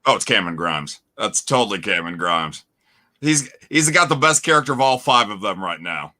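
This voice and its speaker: A man's voice: fairly low pitch, animated, a little fast, sharp tone. A man co-hosting a casual chat show, teasing his partner and stating his opinions with confidence. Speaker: podcast co-host.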